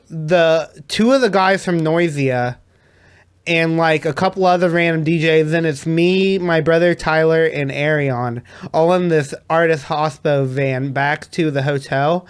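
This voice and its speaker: Dj guy telling a wild story, smooth voice kinda high, keeps laughing. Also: measured pace. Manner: animated, laughs often. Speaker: DJ guest. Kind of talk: casual storytelling.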